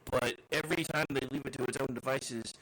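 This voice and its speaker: A man's voice: medium pitch, steady tone, a little fast, fairly bright tone, poor audio. A man co-hosting a radio talk show, rambling jokily with repeated words. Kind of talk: casual chat.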